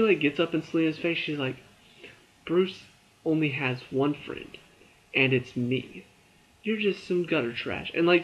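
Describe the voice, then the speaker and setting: A young man reviewing a TV episode in a casual, rambling way, full of fillers and quick asides. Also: on the high side, highs cut off.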